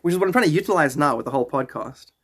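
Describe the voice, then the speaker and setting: A man's voice: on the high side, expressive, rapid-fire, fairly bright tone, slightly rough. A man livestreaming, rambling casually and chatting with viewers in his chat. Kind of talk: casual live-stream chat.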